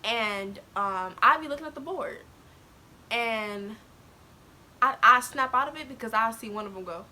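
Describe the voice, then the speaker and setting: A young adult woman vlogs, casually telling her viewers a personal story. She is animated and laughs often, yet swings close to tears. Her medium-pitched voice moves at a normal speed with frequent pauses over slight background noise.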